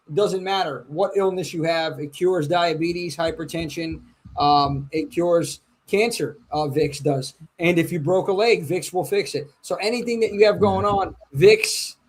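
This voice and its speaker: A man hosting a casual chat, jokey and hyped, saying "yo" and "man" a lot. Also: high voice.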